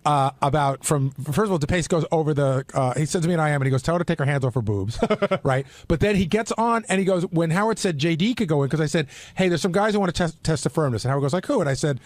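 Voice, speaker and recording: A man in a radio studio, telling an excited story full of stammering restarts in casual chat. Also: a little high, fast, no echo. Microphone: studio microphone.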